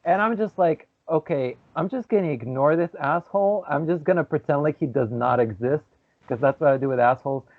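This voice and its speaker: A man co-hosting a podcast, telling a story in a lively, casual way and acting out the people in it. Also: a little high, brisk, dry recording. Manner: animated storyteller, acts out quoted voices. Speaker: podcast co-host. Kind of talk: casual chat. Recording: tinny phone-like audio.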